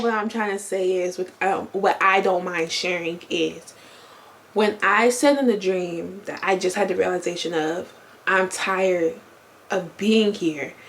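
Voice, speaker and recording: A woman's voice: fairly low pitch, slight background noise. A woman in her twenties telling a long story to camera in a casual vlog, rambling and correcting herself, with lots of fillers. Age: 20s. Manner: rambling, chatty, self-correcting, many fillers. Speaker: vlogger. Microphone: compact camera on-board mic.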